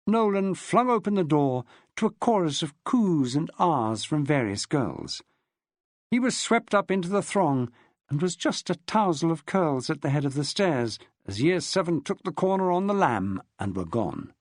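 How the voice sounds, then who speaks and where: A man narrating a novel as an audiobook, with an expressive storyteller's lilt. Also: on the high side, normal speed, dry recording, studio quality.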